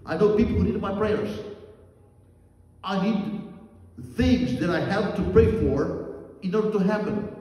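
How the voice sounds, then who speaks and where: A man's voice: high voice, darkish tone. A man preaching a sermon, earnest and emphatic, repeating key phrases. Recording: echoey hall, mic far off.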